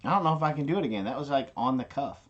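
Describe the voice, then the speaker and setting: A woman's voice: rumbling low, expressive, rapid-fire, dull audio. Chatty woman livestreaming. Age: adult, a parent. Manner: chatty, rambling, giggly asides. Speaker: livestream host. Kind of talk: casual live-stream chat.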